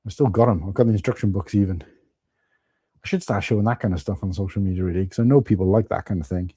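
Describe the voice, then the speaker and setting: A man's voice: sits low, fast, mellow, breathy edge, dry recording. A man with a Welsh accent hosting a casual live stream, chatting loosely and greeting viewers by name. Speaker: livestream host. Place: at home.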